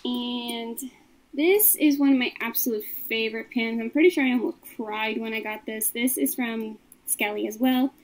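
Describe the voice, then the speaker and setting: A woman's voice: fairly high pitch, normal speed, poor audio. A woman casually showing her collection, describing each item in a matter-of-fact way. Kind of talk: casual show-and-tell of a collection.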